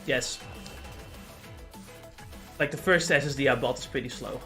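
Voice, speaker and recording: A man's voice: medium pitch, a little slow, sharp tone, soft background music. A man streaming a game, chatting in a rambling, jokey way and swearing freely. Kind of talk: casual gaming livestream chat.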